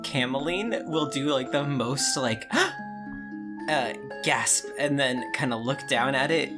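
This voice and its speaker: Player, slow playful narration, strong music underneath. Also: medium pitch. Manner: playful, filler-heavy action description. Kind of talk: casual tabletop play. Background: loud background music.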